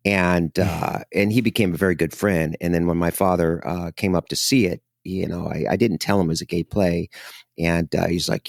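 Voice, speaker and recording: A man's voice: low-pitched, fairly even intonation, moderate pace, vocal fry, dry recording, clean studio sound. A middle-aged man co-hosting a podcast, telling rambling anecdotes in casual chat and acting out the quotes. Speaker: podcast co-host.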